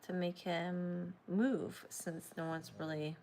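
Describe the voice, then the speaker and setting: A woman's voice: on the low side, level tone, takes it slowly, creaky, dark tone, slight background noise. A tired, yawning woman hosting a casual crochet livestream, rambling and reading viewer comments aloud.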